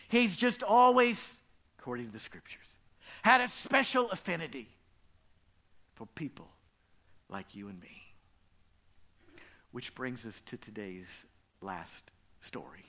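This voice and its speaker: A man preaching a sermon as pastor, telling stories and dropping from loud emphasis to hushed whispers. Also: mid-range voice, animated, takes it slowly, pauses often. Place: church.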